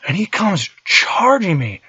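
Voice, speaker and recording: A man in his thirties talks in a loose, profane monologue, and his pitch swings widely up and down as he tells his stories. His voice is slightly husky. The sound is dry and a little dull, like a lo-fi podcast recording. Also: measured pace, no echo. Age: 30s. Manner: profane, animated storytelling. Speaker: podcast host and holster maker. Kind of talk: casual monologue.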